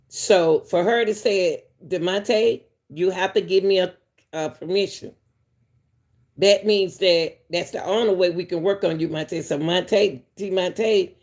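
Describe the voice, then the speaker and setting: A woman's voice: fairly low pitch, vocal fry, a little mellow. A woman hosting an online commentary show, talking straight to her viewers in a chatty way and chuckling between points. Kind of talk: casual commentary.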